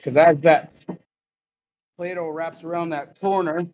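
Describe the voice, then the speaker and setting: A man's voice: on the high side, steady tone, a little slow, lo-fi sound, a little hiss or hum. A man hosting a live stream, casually explaining his workshop work and cracking jokes. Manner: jokey, explains while working. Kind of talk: casual chat while working in a workshop.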